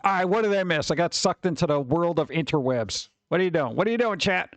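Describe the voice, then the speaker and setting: A man's voice: a little high, animated, quick pace, dry recording. A male streamer in casual, rambling chat, reacting wryly to pictures and to his chat, with a slightly scratchy voice at times.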